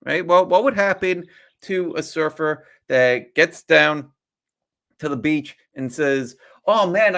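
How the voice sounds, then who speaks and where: A man's voice: high voice, a bit bright. A man hosting a live trading stream, chatty and casual, asking rhetorical questions and greeting viewers as they join.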